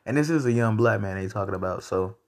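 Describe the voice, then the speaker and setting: Low gravelly man ranting casually. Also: fast. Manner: loose, profane, rambling, animated outbursts. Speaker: podcast host. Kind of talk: casual solo commentary.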